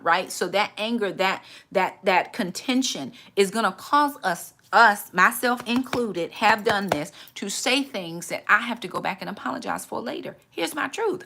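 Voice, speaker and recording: A woman, hosting a casual faith talk and switching into quick high voices to act out other people. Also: lively intonation, gravelly, sharp tone. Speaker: channel host, mother giving faith advice.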